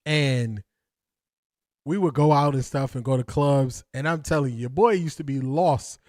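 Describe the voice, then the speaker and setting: A male livestream host giving casual, slangy sports commentary to his chat, animated and often laughing. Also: mid-range voice, normal speed, dry recording, clean studio sound.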